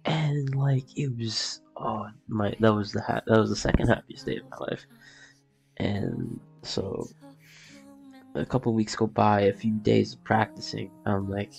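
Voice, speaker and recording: A man's voice: fairly low pitch, fairly even intonation, unhurried, vocal fry, a little mellow, faint music behind. A young man casually telling a personal story, rambling with fillers and acting out quotes.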